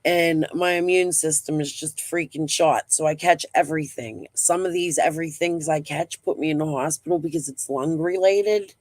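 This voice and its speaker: Running a relaxed live stream, this middle-aged host rambles and swears without restraint, her talk blunt and her breathing heavy. She speaks at a normal speed in a steady, low, darkish voice with hardly any pauses, captured in a dry recording.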